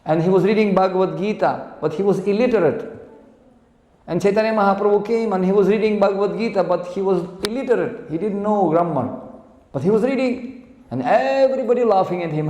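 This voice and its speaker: A man's voice: sits high, fairly quick, dark tone. A man giving a sermon, telling stories and acting out the characters in them. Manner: acts out characters in his stories. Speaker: lecturer. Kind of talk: sermon with storytelling. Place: large temple hall. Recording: echoey hall with long reverb.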